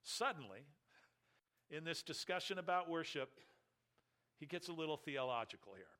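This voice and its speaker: A man preaching a sermon as pastor, emphatic, slowing down to stress key phrases. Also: on the high side, sharp tone.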